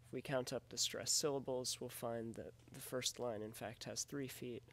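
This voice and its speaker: Male lecturer, mid-range voice with a gravelly edge, patient and methodical. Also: mid-range voice, fairly even intonation, moderate pace, a bit bright. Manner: methodical, explanatory, often says "in fact". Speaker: literature teacher. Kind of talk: recorded lecture on poetry.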